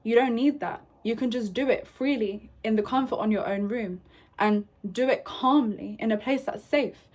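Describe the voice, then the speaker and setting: A young woman giving self-help advice in a casual vlog, coaching gently and often checking in with "right?" and "okay?". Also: fairly high pitch, moderate pace. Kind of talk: casual advice talk to camera.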